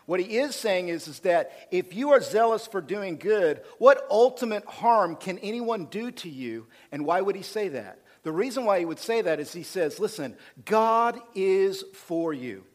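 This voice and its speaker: A pastor delivers a sermon in a slightly high voice for a man. He swings between loud, driving emphasis and quiet, hushed passages.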